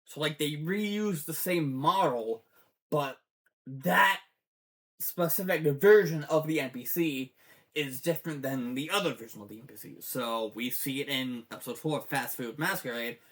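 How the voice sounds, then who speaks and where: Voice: mid-range voice, normal speed. A fan commentator in a rambling, casual show breakdown who swears often and gets teary.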